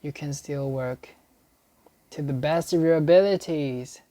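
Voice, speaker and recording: A man working through dictionary entries aloud, explaining them in a halting way and repeating each sample sentence several times. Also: a little high, mellow, dry recording. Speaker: English learner studying a dictionary.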